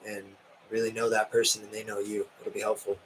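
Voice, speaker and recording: A man's voice: fairly low pitch, monotone, quick pace, a little hiss or hum, rough recording. A man co-hosting a podcast, chiming in with short agreements in casual chat. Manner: brief agreeing interjections. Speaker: podcast co-host.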